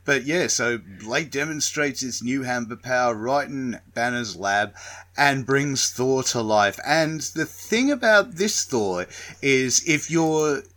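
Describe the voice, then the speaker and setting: Man, co-host, unhurried drawl, casual chat, salty language. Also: mid-range voice. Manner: swears freely, animated asides. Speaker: podcast co-host.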